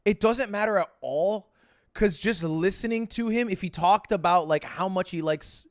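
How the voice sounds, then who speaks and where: A man streaming and giving casual commentary on music, talking in a relaxed, rambling way with lots of fillers and some teasing. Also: high voice, moderate pace, no room sound, studio quality. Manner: relaxed, talky, full of "like" and "you know", teasing.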